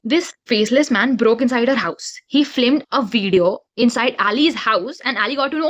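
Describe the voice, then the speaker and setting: A woman's voice: sits high, animated, brisk. A young woman, reviewing a book to camera in an exasperated, ranting way. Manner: exasperated, ranting, talks straight to viewers.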